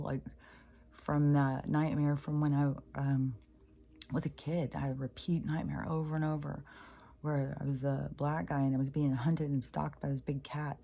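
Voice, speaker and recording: Low, mellow-voiced woman telling stories. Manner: rambling, emotional, swears freely, acts out voices with pitch jumps. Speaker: spiritual vlogger. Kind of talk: casual personal storytelling.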